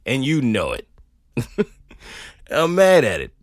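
A man's voice: medium pitch, huge pitch swings, slow pace, no room sound, clean studio sound. A man hosting a podcast, ranting comedically, laughing often and swearing freely. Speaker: podcast host. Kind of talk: comedic rant.

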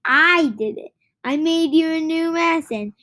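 An earnest young boy who pleads with his grandmother and coaxes a hen, as a woman reading a storybook puts him on. His voice is high and slow, with an insistent, honest tone. He sounds close to the narrator's own voice. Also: pushed and bright, exaggerated voice. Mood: pleading. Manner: pleading, coaxing.

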